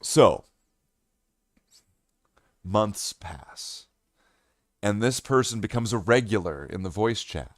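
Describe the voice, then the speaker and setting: A man streaming who tells a story in a casual, animated way, swearing and restarting his sentences. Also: on the low side, slow, long pauses, dry recording, clean studio sound.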